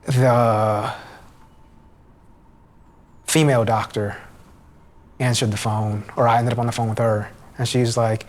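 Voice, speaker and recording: Halting, storytelling young man. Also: mid-range voice, flat delivery. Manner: conversational storytelling, halting with restarts. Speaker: church member giving testimony. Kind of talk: personal testimony from the pulpit. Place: church sanctuary.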